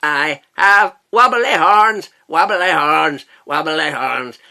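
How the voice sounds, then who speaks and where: A man's voice: creaky, pushed and bright, exaggerated voice. A man putting on a goofy, sing-song voice for a silly creature with wobbly horns. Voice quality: high, drawn-out and silly.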